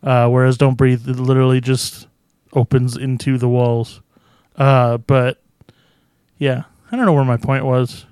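A man co-hosting a podcast, trading playful deadpan jokes and wordplay in casual chat. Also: medium pitch, unhurried, smooth, no echo. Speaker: podcast co-host. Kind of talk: casual chat about movies.

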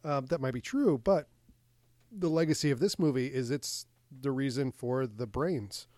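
Excitable swearing podcast guy, dry mic. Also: medium pitch, moderate pace, no room sound. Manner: excitable, swears freely, laughs often. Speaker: podcast co-host. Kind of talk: casual movie review chat.

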